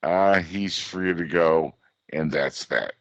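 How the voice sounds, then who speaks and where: A man's voice: low voice, slow, a bit bright, dry recording. A man hosting a casual online group chat, talking in a blunt, sarcastic, ranting way. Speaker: podcast host.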